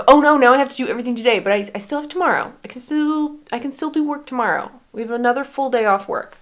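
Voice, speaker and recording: A young adult woman vlogging in a casual, chatty way, laughing often as she talks about her weekend of writing. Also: mid-range voice. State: tired. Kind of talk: casual chat.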